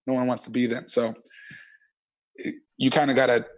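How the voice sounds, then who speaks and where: A man, a stand-up comedian, telling stories in an animated, slangy and profane way as an interview guest. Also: medium pitch, normal speed. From Canada. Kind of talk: casual interview chat.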